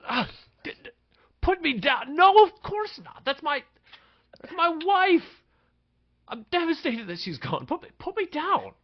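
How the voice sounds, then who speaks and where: A man's voice: fairly low pitch, sing-song, fast talker, dull audio. Man doing a flustered, nervous town chief. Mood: panicked. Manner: nervous, overly friendly, calls people buddy. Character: flustered middle-aged male town chief.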